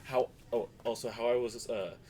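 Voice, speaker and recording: A man playing in a tabletop game, chatting casually with animated, joking asides. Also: mid-range voice, normal speed, slight background noise. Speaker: player. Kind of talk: casual play chat.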